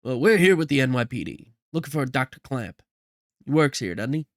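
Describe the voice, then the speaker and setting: A game streamer reading the lines of a young female police officer, with steady, matter-of-fact questioning. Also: mid-range voice, brisk, no room sound, studio quality, lightly acted. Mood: businesslike.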